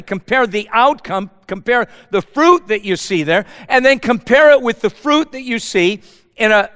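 High, animated preacher in a reverberant church. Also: male voice. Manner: impassioned, repeats words, rhetorical questions. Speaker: pastor. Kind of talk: sermon.

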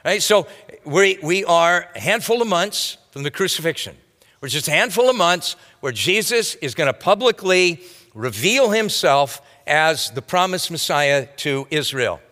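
A man's voice: on the high side, expressive, a little slow, sharp tone, big-room sound. A man preaching a sermon as a pastor, teaching verse by verse in a conversational, folksy way with casual asides. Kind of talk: expository sermon.

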